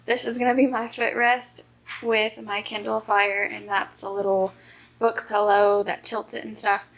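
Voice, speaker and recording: A woman chatting excitedly as she recaps a book for her vlog, with the odd breathy whispered aside, filmed at home on a tripod camera. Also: mid-range voice, unhurried. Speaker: book vlogger. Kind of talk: casual reading vlog chat. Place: home reading nook, indoors. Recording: roomy echo with faint background noise.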